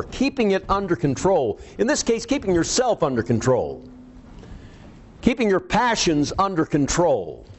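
A man preaching a sermon, reading scripture aloud and stressing points with pauses and sudden rises in pitch.

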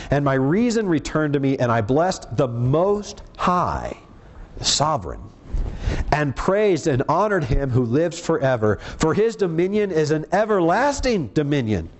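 A man preaching a sermon in an earnest, emphatic way, reading scripture aloud and slowing down on the words he wants to stress. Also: mid-range voice, a little hiss or hum.

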